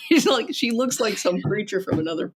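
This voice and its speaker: Wry, animated woman podcast co-host. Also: mid-range voice, brisk, slight background noise. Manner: animated, wry, laughs while talking. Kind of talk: casual film chat.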